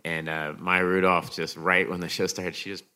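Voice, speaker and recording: A man telling animated stories as a guest on a live podcast, acting out what people said. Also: low voice, normal speed, clear, resonant tone. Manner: animated, jumpy, acts out quotes. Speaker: guest comedian. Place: live stage in front of an audience.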